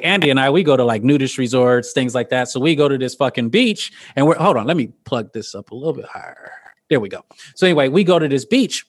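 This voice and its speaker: A woman in her thirties, a podcast guest telling stories in casual chat, animated and profane, laughing often. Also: rumbling low. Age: 30s.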